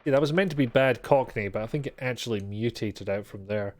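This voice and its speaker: A man's voice: medium pitch, a little fast, darkish tone, slight background noise. Sweary, exasperated male game streamer. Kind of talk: live gameplay commentary.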